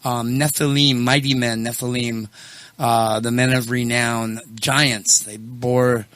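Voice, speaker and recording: A male show host chatting casually and telling stories, animated and quick to laugh. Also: medium pitch, no echo. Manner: laughs often, animated, tells stories with voices. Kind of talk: casual chat and storytelling.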